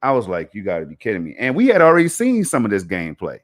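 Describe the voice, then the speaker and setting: A man with a lowish voice talks games on a casual podcast. He sounds relaxed and easygoing, and he strings his thoughts together with slang like "man" and "bro". The delivery is unhurried and conversational. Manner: laid-back, slangy, peppers talk with "man" and "bro". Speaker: podcast host. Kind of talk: casual gaming podcast chat.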